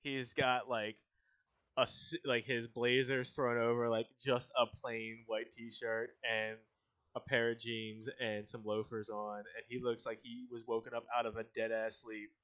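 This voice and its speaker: A man runs a tabletop game in a loose, rambling way at an ordinary middle pitch. His audio comes through dull and lo-fi, as on a streamed session. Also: flat delivery, a little slow, a bit bright, clean tone. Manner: casual, rambling with fillers. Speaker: game master. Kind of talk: narrating a tabletop role-play stream.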